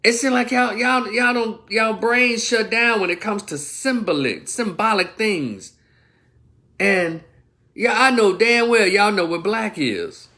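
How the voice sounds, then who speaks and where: A man's voice: sits high, expressive, a little slow, bright, forceful tone. A man from Memphis, ranting heatedly to his livestream viewers and swearing often. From Memphis, Tennessee. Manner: heated, profane, addresses viewers directly. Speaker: livestream commentator. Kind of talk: livestream opinion rant.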